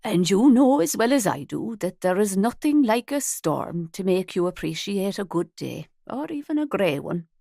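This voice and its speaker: A woman narrator voicing an older woman who runs a guest house, brisk, wry and curious. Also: medium pitch, very animated, gravelly, warm tone, no echo, clean studio sound.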